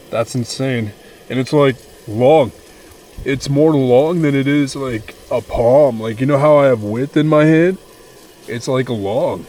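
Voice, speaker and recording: A young man casually vlogging from a wilderness campsite, talking with loose slang and swearing, easily excited. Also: medium pitch, a little hiss or hum. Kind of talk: casual camping vlog.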